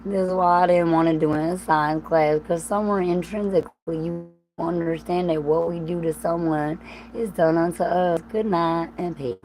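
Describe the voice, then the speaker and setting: A woman's voice: fairly low pitch, steady tone, normal speed, darkish tone, slight background noise, low-quality recording. A woman with a Southern US accent hosting a livestream, rambling in a profane, stream-of-consciousness monologue with laughing asides. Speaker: livestream host.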